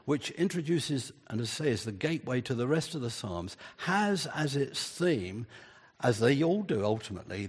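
An older man delivers an earnest sermon, stacking repeated phrases for emphasis. His husky voice rings out with a long reverb, as in a church hall. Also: mid-range voice. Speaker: preacher.

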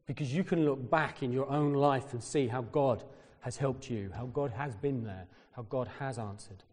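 In a big-sounding room, a British preacher speaks at medium pitch and an even, moderate pace. His sermon is a personal story in which he plays the various characters himself, narrating steadily but livening up whenever he quotes someone.

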